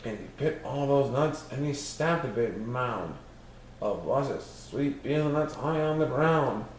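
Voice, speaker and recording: A man's voice: mid-range voice, animated, a little slow, slight background noise. A man reading a rhyming storybook aloud in a sing-song way. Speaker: storybook reader. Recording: very echoey room.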